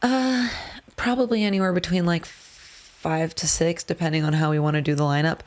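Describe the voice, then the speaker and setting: Brief: easygoing podcast host, mid pitch, chatty and quick to laugh. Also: fairly even intonation. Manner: chatty, laughs often, jokey. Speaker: podcast host and comedy show producer. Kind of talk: casual podcast chat.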